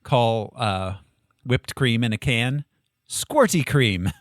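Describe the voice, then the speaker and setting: A man's voice: mid-range voice, slow, no room sound, studio quality. A man hosting a casual podcast chat, laughing often as he runs the segments. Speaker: podcast host.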